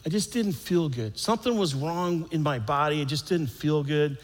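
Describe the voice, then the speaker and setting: A man's voice: on the high side, normal speed, long reverb tail. A middle-aged American man telling a stand-up story. He rambles, mocks himself, repeats his phrases and acts out the sounds. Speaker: stand-up comedian.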